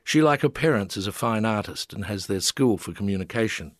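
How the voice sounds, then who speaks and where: An older man reading his travel memoir in a lowish voice, measured and gently amused. The sound is close and dry, with no room around it. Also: animated, dry recording. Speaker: memoir narrator.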